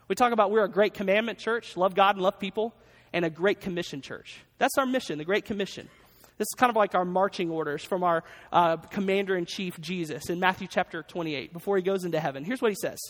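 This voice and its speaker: A man preaching a sermon as pastor in a church, energetic and emphatic, often repeating his key phrases. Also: high voice, fast. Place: church sanctuary. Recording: long reverb of a large hall.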